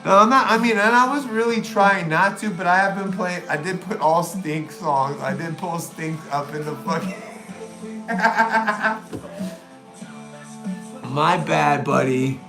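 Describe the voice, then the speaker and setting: A middle-aged man rants on his livestream, taunting and swearing as he rambles. His voice sits high for a man, and faint music plays behind him. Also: takes it slowly, gravelly, pauses often. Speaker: livestream host. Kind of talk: profane livestream rant.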